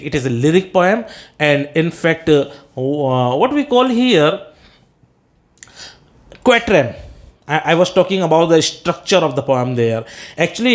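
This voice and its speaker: Indian man lecturing on poetry. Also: fairly high pitch. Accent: Indian English. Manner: explains step by step with frequent "uh" and "okay?" checks; asks a question then answers it himself. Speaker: English teacher.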